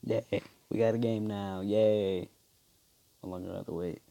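A man's voice: lowish voice, steady tone, measured pace, vocal fry, warm tone, no room sound. A young man casually commenting on his own shooter gameplay, slangy and trash-talking, joking at himself. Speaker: gamer. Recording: noisy game audio behind.

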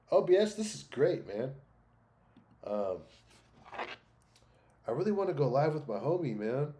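Warm-voiced crude streamer man. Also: mid-range voice. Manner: crude, blunt and swearing, drawling. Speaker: streamer reacting to videos. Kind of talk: casual reaction chat.

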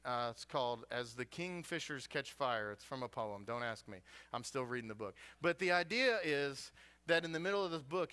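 A man's voice: on the high side, bright, forceful tone, clear, resonant tone. A man preaching a sermon as a guest preacher in a church, retelling a story with humor and animation.

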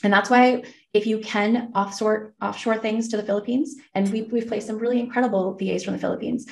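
Brief: middle-aged woman, quick energetic guest, explains with enthusiasm. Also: mid-range voice, creaky. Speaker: guest, hiring consultant. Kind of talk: interview conversation.

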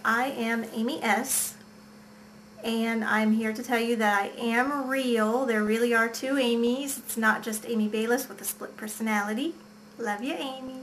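A talkative woman films herself around her house and speaks in a slightly raised, easygoing voice. She pokes fun at herself as she goes. A soft hiss sits under the home camera audio. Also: on the high side, poor audio. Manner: chatty and self-deprecating. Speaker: home vlogger and mother. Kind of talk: casual home video chat. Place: house, indoors.

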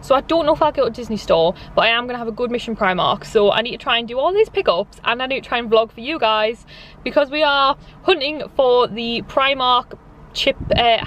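A woman's voice: fairly high pitch, a bit bright, a little hiss or hum. A woman chatting casually to camera in a vlog, rambling about her day out in town. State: out of breath while walking. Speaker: vlogger. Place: out in town, walking and in a parked car.

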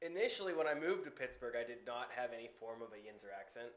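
A man guesting on a casual podcast chat, telling a relaxed anecdote. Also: medium pitch, quick pace, roomy sound.

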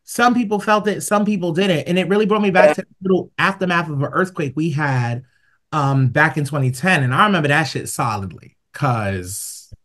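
A woman hosting a podcast, telling stories in casual chat and acting out quotes with big jumps in pitch. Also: animated, normal speed, fairly bright tone. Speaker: podcast host.

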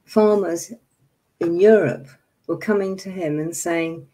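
Her voice is lowish and warm, and she speaks slowly. This woman in her seventies hosts a livestream where she talks to viewers with angry emphasis, passionate yet casual, and apologizes for her outbursts.

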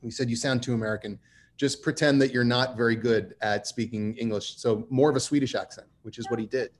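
A man's voice: medium pitch, steady tone, a little fast. A man speaking on a panel, conversational and emphatic with dry humor. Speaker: writer on a panel. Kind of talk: panel discussion.

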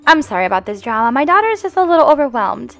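A woman hosting a game roleplay as the mom, talking in an animated, playful, motherly coaxing way. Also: high voice, racing, faint music behind. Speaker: host and roleplayer playing the mom. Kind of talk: casual game roleplay chat.

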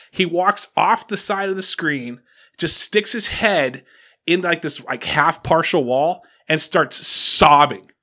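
A man's voice: a little high, expressive, takes it slowly, sharp tone. A man, around his thirties, hosting a podcast in casual chat, telling a story with many restarts and acted-out quotes. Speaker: podcast host.

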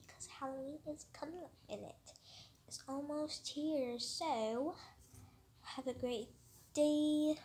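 A woman's voice: sits high, a little hiss or hum. A woman giving casual, rambling commentary on a screen recording of her own old video, mocking it. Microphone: phone screen-recorder mic.

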